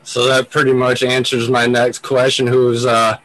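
A man's voice: mid-range voice, completely flat delivery, moderate pace, fairly bright tone, no room sound, low-quality recording. A man interviewing a guest, asking easygoing questions with a few fillers. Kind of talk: casual interview.

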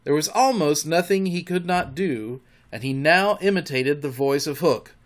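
A man reading a storybook aloud in an expressive, dramatic way. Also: on the high side, moderate pace. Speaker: narrator.

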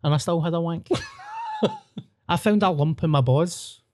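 A young man with a Scottish accent telling crude, animated anecdotes in casual podcast chat. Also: on the high side, slow, dry recording, clean studio sound. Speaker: comedian podcast guest.

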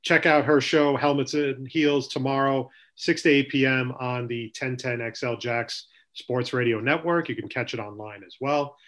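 A middle-aged man hosting a casual talk show, chatting and then signing off with brisk, upbeat patter. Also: medium pitch, steady tone, fairly bright tone. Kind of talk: casual chat and show sign-off.

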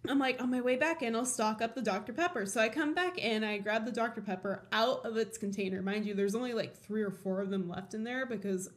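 A woman from Colorado hosting a podcast, telling a rambling everyday story in a casual, animated way, laughing often, swearing freely and acting out her own thoughts. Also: fairly high pitch, fairly quick, few pauses. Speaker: podcast host.

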